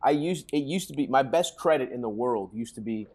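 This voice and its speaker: A man's voice: mid-range voice, expressive, a little fast, a little mellow. A man co-hosting a podcast, a stand-up comedian chatting casually, laughing easily and riffing jokes off his co-host.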